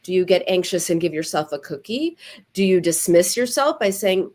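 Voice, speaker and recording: A woman therapist, a guest on an interview show, giving lively advice and acting out quoted self-talk. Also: on the low side, moderate pace. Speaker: eating disorder therapist, guest. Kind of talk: conversational advice.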